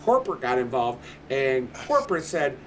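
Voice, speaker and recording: A man's voice: medium pitch, sing-song, moderate pace, a crowd in the background. A man streaming from home, telling a story in casual chat, swearing constantly and ranting with animation.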